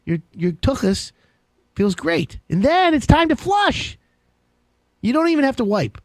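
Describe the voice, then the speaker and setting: A man hosting a live home-improvement show, talking in a rambling, jokey, excitable way. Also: very high-pitched, measured pace, no room sound. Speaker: radio show host. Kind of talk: casual live call-in show chat.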